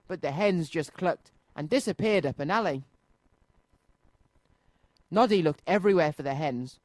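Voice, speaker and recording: A man reading a children's storybook aloud on radio, lively and clear. His voice is high, and the studio sound is close and dry. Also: moderate pace, long pauses, no room sound. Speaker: radio children's show presenter.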